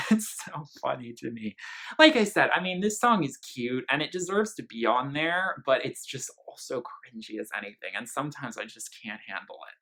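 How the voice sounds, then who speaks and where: Male music vlogger from Philadelphia, sharp bright tone, chatty gossip delivery. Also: medium pitch, lively intonation, moderate pace. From Philadelphia, Pennsylvania. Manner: chatty and gossipy, full of "like" and "girl". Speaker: music reviewer. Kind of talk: casual album review vlog.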